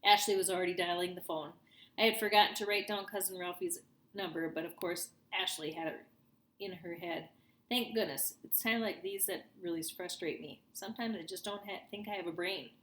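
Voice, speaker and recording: Bright, chatty woman storyteller reading to kids in an echoey room. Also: on the low side, fairly even intonation, a little fast. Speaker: reader. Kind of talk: reading a children's book aloud. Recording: roomy echo.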